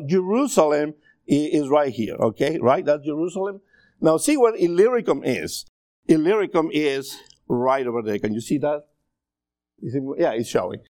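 This sermon comes from a middle-aged man whose first language is Spanish, and it carries his accent. He speaks conversationally, frequently checking in with the people listening, in a voice that sits high with a darkish tone. The recording is studio quality, with no echo.

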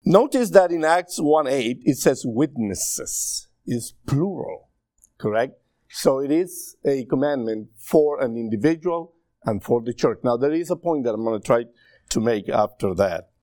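A man's voice: mid-range voice, lively intonation, measured pace, warm tone, no echo, clean studio sound. A middle-aged man with a Spanish accent, a native Spanish speaker, preaching a sermon in a conversational way and often checking in with his listeners.

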